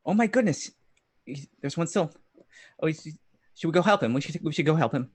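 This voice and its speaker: A man playing in a tabletop game, talking in a hesitant, excitable way. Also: on the high side, brisk, breathy edge. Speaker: player. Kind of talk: casual game chat.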